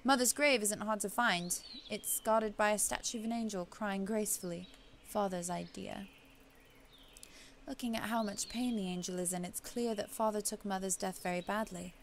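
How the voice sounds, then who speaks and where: Woman reading as a quiet, thoughtful young heroine. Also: mid-range voice, fairly even intonation, normal speed, slight background noise, natural voice. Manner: quiet, soft, somewhat posh inner-monologue reading. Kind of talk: let's play voice reading.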